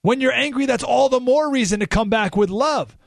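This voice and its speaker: Animated male talk radio host, dry sound. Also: very high-pitched, a little fast, gravelly, no room sound. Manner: animated storyteller, acts out quotes with a raised voice.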